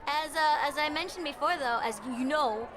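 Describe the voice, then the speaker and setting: A woman's voice: sits high, moderate pace, noisy background. A woman streaming live, chatting casually with her viewers. She is chatty and giggly and trails off with fillers.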